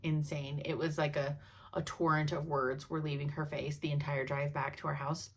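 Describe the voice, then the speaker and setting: A woman's voice: deep voice, level tone, moderate pace, breathy edge. A woman in her thirties chatting casually to her viewers as a cross-stitch vlogger, laughing often as she tells stories. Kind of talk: casual chat.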